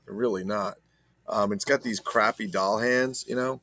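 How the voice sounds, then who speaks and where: A man's voice: lowish voice, fairly even intonation, normal speed, bright, forceful tone, no echo. A man casually chatting about his toy collection, rambling and swearing as he talks to viewers. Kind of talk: casual unboxing chat.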